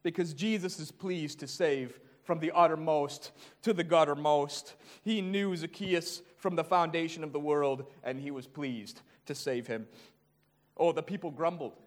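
A man with a high voice preaching a sermon. He swings between hushed, low asides and loud, raised passages, with an animated delivery. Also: unhurried.

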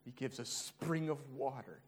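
A man preaching a sermon, dropping into hushed low asides and then building to loud, raised passages. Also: unhurried, husky.

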